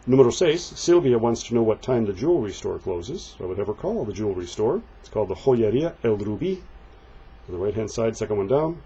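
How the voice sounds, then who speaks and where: Male language teacher, mellow husky voice, slow drilled counting, dull lo-fi recording. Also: mid-range voice, big pitch swings. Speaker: Spanish teacher. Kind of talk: textbook walkthrough lesson.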